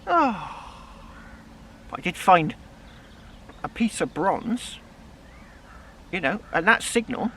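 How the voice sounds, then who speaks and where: A man's voice: high-pitched, big pitch swings, moderate pace, pauses often, bright, forceful tone, a little hiss or hum. A man with a West Country accent talking casually outdoors as a metal detecting vlogger, rambling with many restarts. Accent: West Country English. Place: outdoors in a field, then a pub.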